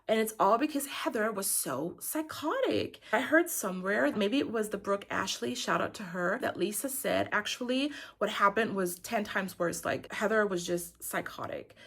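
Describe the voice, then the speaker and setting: This woman recaps a reality show for her YouTube audience in a chatty, opinionated way, packing her talk with "like." Her voice is mid-range and a bit bright.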